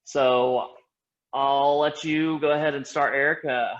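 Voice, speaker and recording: A man's voice: mid-range voice, steady tone, measured pace, highs cut off. A man co-hosting a casual gaming podcast, talking in a loose, rambling way and correcting himself as he goes. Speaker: podcast co-host.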